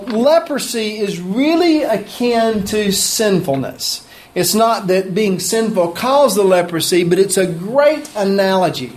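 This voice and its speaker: A man's voice: high-pitched, darkish tone. A man preaching a sermon, reading scripture and explaining it earnestly with emphasis.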